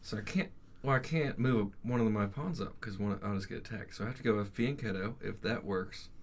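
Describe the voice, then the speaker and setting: Man hosting a chess stream in a jokey, rambling way, with a lowish voice and faint background hiss. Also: brisk. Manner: rambling, jokey, restarts often. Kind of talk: casual gaming chat.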